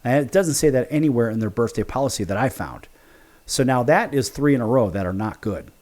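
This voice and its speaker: A man's voice: medium pitch, expressive, brisk, darkish tone. A male sports show host telling a casual story, acting out both sides of each conversation.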